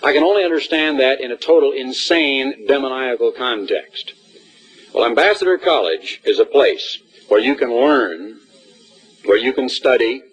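Husky man giving a folksy assembly address. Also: medium pitch, highs cut off. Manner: folksy, acts out little scenes with voices. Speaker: college leader addressing new students. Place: auditorium.

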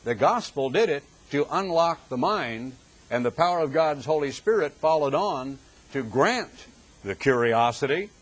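A man's voice: lively intonation, a little slow. Emphatic man preaching a sermon. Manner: emphatic, rises in pitch on rhetorical questions. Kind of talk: sermon, Bible exposition.

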